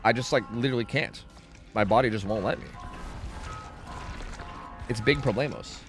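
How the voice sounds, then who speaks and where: With music playing behind him, a young American man talks at medium pitch and normal speed. He's casually chatting while streaming a game, rambling, swearing, and humming to himself.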